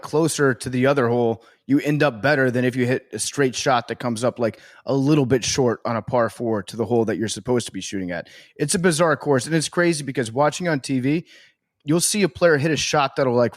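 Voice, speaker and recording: A male co-host talks sports in an easy, casual way and slips in dry, deadpan jokes. His voice sits at an average pitch for a man. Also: a little fast. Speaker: podcast co-host.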